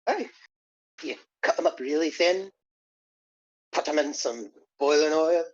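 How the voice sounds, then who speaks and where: A woman's voice: low voice, a little slow, dull audio, slight background noise. A woman chatting and joking with friends while they play a game. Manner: laughing, puts on an exaggerated Irish accent in bits. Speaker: player. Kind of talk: casual group chat while playing a game.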